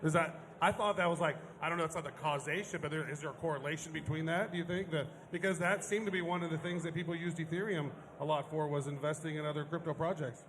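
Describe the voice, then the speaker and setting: A man with a high voice cohosts a live podcast panel on stage. He tells stories with jokey, animated asides. His voice carries a long hall reverb over a faint murmur of ambience. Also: fast talker, hardly any pauses, slight background noise. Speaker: podcast co-host. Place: conference stage before an audience.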